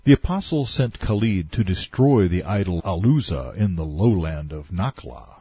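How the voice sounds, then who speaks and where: Husky man reading dramatically. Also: sits low, animated, normal speed, dry recording, muffled recording. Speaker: reader of historical texts. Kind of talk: scripted narration.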